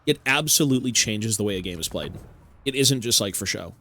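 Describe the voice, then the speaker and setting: Low-voiced man casually commenting on a game. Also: a little fast. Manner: relaxed, offhand, many fillers. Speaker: streamer.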